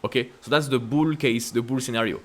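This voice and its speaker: A man with a French accent hosting casual stock-market commentary, asking emphatic rhetorical questions and jumping up in pitch to stress points. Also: fairly even intonation, a little fast. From France. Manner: emphatic, repetitive rhetorical questions with sudden upward pitch leaps. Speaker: investing channel host.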